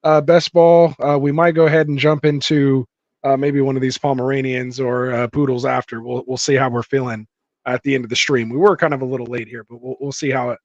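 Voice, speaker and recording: A man's voice: mid-range voice, little pitch movement, fairly quick, a little mellow, dry recording. A man hosting a live fantasy football stream, chatting casually with viewers and reading their comments aloud with lots of fillers. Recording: dull dry lo-fi mic.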